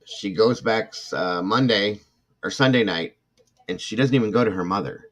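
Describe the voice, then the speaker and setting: A man's voice: on the low side, moderate pace. An older man hosting a livestream, telling a family story in a rambling, heated way with many restarts. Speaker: host.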